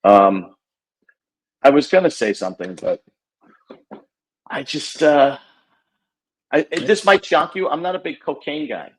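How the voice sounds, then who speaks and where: A man's voice: fairly high pitch, animated, measured pace, pauses often. A man hosting a podcast in casual chat, stammering and restarting his sentences. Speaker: podcast host.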